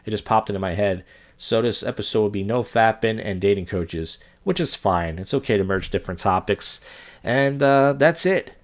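A man's voice: fairly low pitch, moderate pace. A young man hosting a solo podcast, rambling through a long story and acting out the people he quotes. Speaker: podcast host.

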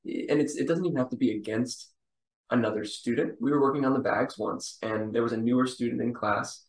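A man's voice: medium pitch, a little fast. Polite man heard from afar in an echoey room. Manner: polite, says "ma'am", steady. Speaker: podcast host, martial arts instructor. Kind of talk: interview hosting. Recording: roomy, distant from the mic.

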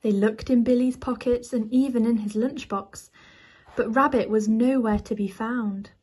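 A woman reading a children's picture book aloud as a bedtime story, soft and measured. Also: a little high, fairly even intonation, breathy edge.

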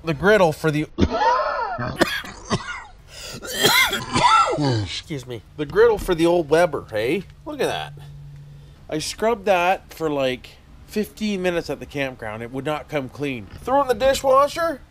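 Canadian male vlogger, casual folksy banter, animated pitch, faint background noise. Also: takes it slowly, long pauses. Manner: jokey, folksy, tags lines with "eh" and "why wouldn't I". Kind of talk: casual chat to camera.

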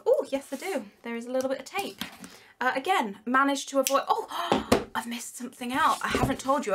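A young woman chatting excitedly while unboxing, gushing and giggly with lots of exclamations. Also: high voice, very noisy. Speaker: unboxing vlogger.

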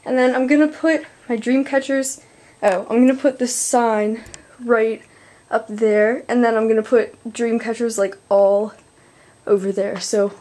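A teenage girl in her bedroom, chatting to her camera in a rambling, excitable vlog while out of breath. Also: a little high, measured pace. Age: teens. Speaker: vlogger. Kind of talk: casual vlog chat.

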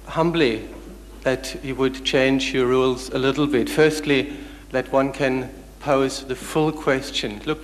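A man's voice: medium pitch, a little hiss or hum. A man from the audience, polite but persistent, asking to pose a full question. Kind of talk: pleading then reading scripture. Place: lecture hall. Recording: echoey hall.

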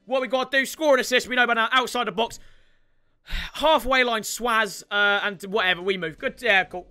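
A man giving excitable live commentary on his own gameplay, shouting and groaning at each play and talking to his viewers. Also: high-pitched, moderate pace, clear, resonant tone, faint music behind. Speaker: gaming YouTuber.

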